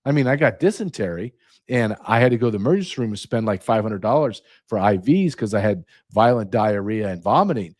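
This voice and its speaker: A man's voice: fairly low pitch, lively intonation, fairly quick, darkish tone. A middle-aged American man hosting his own show, ranting with sarcasm and piling up rhetorical questions. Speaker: podcast host. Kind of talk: ranting monologue.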